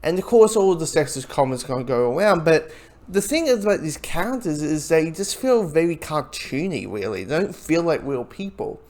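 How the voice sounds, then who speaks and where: A man's voice: fairly high pitch, animated, normal speed, a little mellow. A man talks through his take on a movie in a loose, casual way, wandering from point to point. His voice swings up and down a lot as he goes, and now and then he slips into the voices of the people he is quoting. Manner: rambling, acts out quoted lines. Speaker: film reviewer. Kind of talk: casual spoken movie review.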